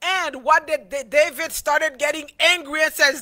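A man's voice: very high-pitched, steady tone, moderate pace, few pauses, pushed and bright. A man teaching a Sabbath School Bible lesson in a loose, preachy way, with many fillers and restarts.

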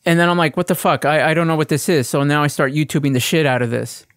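A slightly high-voiced man ranting through a story in a casual hangout chat, swearing freely and getting worked up as he goes. His voice sits close and dry, with no room sound around it. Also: fast talker, fairly bright tone, clear, resonant tone, no room sound. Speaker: podcast co-host.

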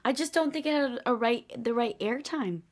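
A woman voice actress, a guest in a casual interview, playful and quick to react. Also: on the high side.

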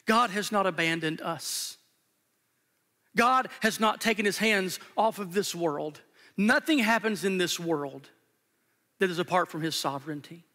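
High bright-voiced preacher in a reverberant sanctuary. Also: male voice, a little slow. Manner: earnest, emphatic, repeats phrases for weight. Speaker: pastor. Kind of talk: sermon. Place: church sanctuary during a live service. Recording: long church hall reverb.

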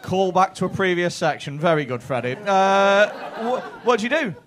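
A man's voice: high voice, expressive, normal speed, a bit bright, slight background noise. A man in his thirties doing stand-up crowd work in a comedy club, chatty and sweary with stammering restarts. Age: 30s.

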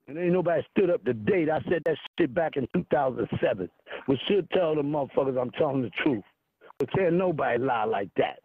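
Profane, combative high-voiced man preaching. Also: lively intonation, fairly quick, breathy edge, no room sound. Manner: profane, combative, rhetorical questions. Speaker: self-styled spiritual leader. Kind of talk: preaching monologue to an audience. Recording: tinny phone-like radio broadcast.

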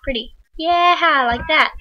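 A woman's voice: sits high, takes it slowly. A teenage girl hosting a gaming channel, chatting casually and giggling while she plays. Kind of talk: casual gameplay chat. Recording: muffled lo-fi home mic with hiss.

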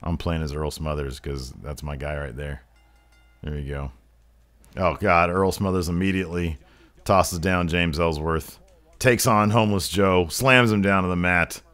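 A man's voice: deep voice, fairly even intonation, a little slow, a bit bright. A man giving jokey, profane mock wrestling play-by-play while playing a video game. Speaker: gameplay commentator.

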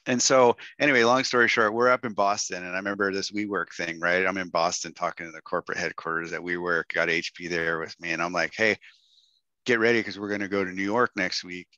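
A man's voice: low-pitched, steady tone, quick pace, pushed and bright, no room sound, highs cut off. A middle-aged man from Texas, telling a story to a workshop audience and acting out the quotes in raised voices. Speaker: guest speaker.

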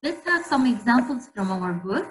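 A woman's voice: fairly high pitch, sing-song, moderate pace, slight background noise, rough recording. A woman teacher leading an online spelling lesson for girls, repeating each word and quizzing the class.

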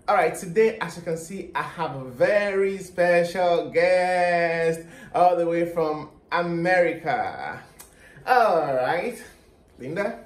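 A woman's voice: on the low side, animated, slow pace, reverberant. A woman from Nigeria with a Nigerian accent, hosting her channel in casual, laughing chat. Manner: laughs often, chatty and upbeat. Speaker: YouTube host.

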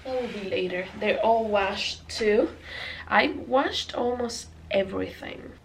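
A woman's voice: medium pitch, slow, vocal fry, slight background noise, rough recording. A young pregnant woman chatting to viewers while she tidies a nursery, a little out of breath, recorded on a camera on a tripod. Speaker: vlogger. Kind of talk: casual vlog chat. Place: nursery room at home.

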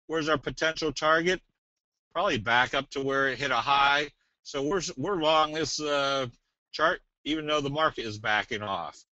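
A man presenting a trading webinar in a casual, folksy, joking way with a salesy pitch. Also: moderate pace, pushed and bright, dry recording. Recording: dull dry webinar audio.

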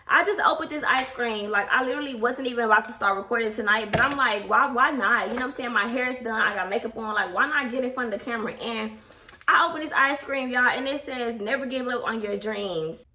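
Young woman vlogger, chatty and emotional, crisp bright tone, mic set back with faint hiss. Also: on the high side, fast talker. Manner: chatty, talks straight to viewers, emotional. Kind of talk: casual vlog chat. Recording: distant mic, faint background noise.

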